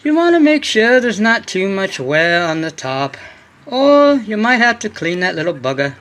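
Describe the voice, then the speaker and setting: A man's voice: sits high, sing-song, normal speed, a bit bright, pitched above the performer's own voice. A man putting on a mock British accent to play an older male engine tuner giving chirpy advice.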